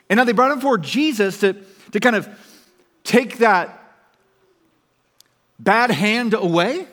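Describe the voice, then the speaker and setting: Conversational pastor preaching in a reverberant hall. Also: male voice, high voice, a little slow, long pauses. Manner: conversational, swings from loud to hushed. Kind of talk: sermon.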